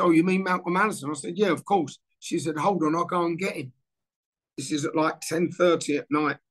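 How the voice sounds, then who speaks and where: A man in his sixties telling an anecdote in a casual interview, acting out the dialogue as he goes. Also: fairly high pitch. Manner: animated storyteller acting out dialogue. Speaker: former footballer interviewee.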